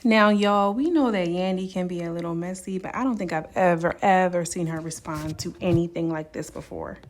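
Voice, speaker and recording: A woman giving casual commentary on a reality show, chatty and animated, talking straight to her viewers. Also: on the low side, brisk, faint music behind. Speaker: commentary vlogger.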